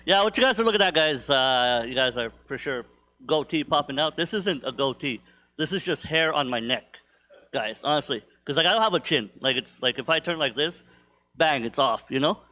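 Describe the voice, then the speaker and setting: A young man performs stand-up in a comedy club. His voice sits a little high, and he rambles loosely through his stories, padding them with fillers and self-deprecating jokes. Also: animated, normal speed, bright, forceful tone.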